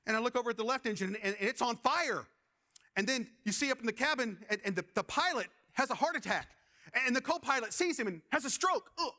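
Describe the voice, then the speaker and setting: Guy preaching, pretty high voice, lively storyteller, keeps doubling words. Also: quick pace. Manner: animated storytelling, repeats words when excited. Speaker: pastor. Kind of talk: sermon.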